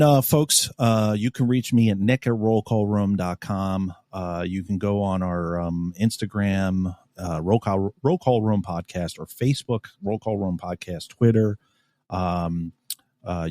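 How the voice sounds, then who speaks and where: Low-voiced guy hosting a podcast, cussing a lot, acting out the story, dry close mic. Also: dry recording. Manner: animated, profane, acts out quotes. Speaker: podcast host. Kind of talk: casual storytelling chat.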